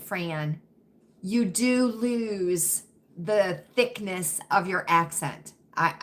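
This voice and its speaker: Chatty woman with a bright voice. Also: medium pitch. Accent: faint Southern US. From Virginia, US South. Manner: chatty, keeps asking viewers "right?" and "you know what I mean?". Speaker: livestream host reading chat. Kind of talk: casual livestream chat.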